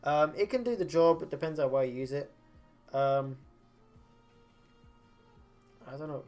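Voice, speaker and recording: A man's voice: fairly high pitch, a little fast, darkish tone, soft background music. Tired man chatting on a game stream. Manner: chatty, swears, answers chat, many ums and restarts. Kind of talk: casual gaming livestream chatter.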